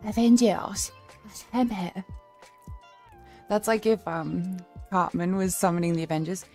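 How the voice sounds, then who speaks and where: A woman's voice: fairly low pitch, normal speed, darkish tone, faint music behind. A young Australian woman chatting casually on her livestream, playful, swearing freely and laughing often. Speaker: streamer.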